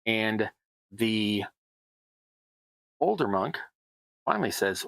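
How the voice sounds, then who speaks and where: A man's voice: lowish voice, lively intonation, normal speed, vocal fry, pauses often, fairly bright tone, dry recording, rough recording. A middle-aged man with a Southern American accent chatting casually through a hobby crafting tutorial, rambling with self-deprecating asides. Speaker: host, terrain crafter.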